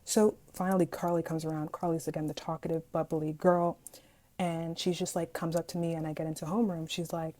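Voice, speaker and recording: A young woman vlogger telling a story from school in an animated, dramatic way, acting out what people said. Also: low-pitched, fairly quick. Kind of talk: casual storytime vlog.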